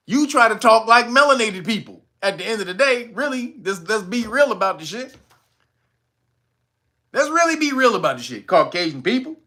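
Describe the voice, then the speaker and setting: A man's voice: high voice, very animated, normal speed, sharp tone. A man hosting a casual commentary vlog, talking bluntly and profanely with mocking laughter. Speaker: channel host.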